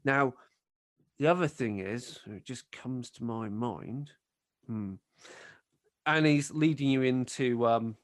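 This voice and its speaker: A man's voice: medium pitch, slow pace, no room sound, clean studio sound. A man narrating a tabletop game as game master, describing scenes in a rambling way with plenty of fillers.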